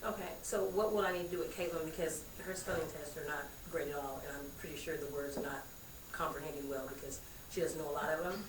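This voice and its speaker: Low-voiced woman parent asking questions. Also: fast talker, hardly any pauses. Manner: concerned, questioning. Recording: echoey room, far from the mic, faint hiss.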